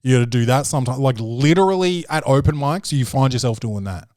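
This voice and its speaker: A man's voice: medium pitch, animated, fairly quick, darkish tone, no room sound, clean studio sound. A man hosting a comedic podcast, rambling in a jokey, profane way and slipping into quoted voices. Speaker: podcast host. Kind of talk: comedic film-review podcast rant. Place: home podcast studio.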